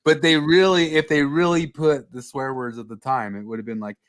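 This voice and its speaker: A man's voice: mid-range voice, steady tone, a little fast, dry recording. A man hosting a casual podcast chat, blunt and opinionated, swearing freely. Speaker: podcast host.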